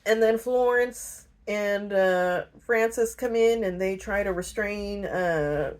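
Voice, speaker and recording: A woman casually retelling a novel, slangy and joking, briefly acting out the characters' lines in quick voices. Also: medium pitch. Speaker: book retelling video host. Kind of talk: casual comedic story retelling.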